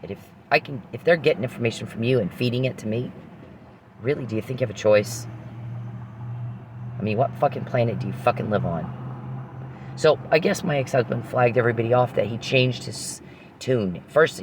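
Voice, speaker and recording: A man's voice: medium pitch, normal speed, slight background noise. A man in a confrontational rant, angrily accusing someone he addresses directly, swearing and firing rhetorical questions.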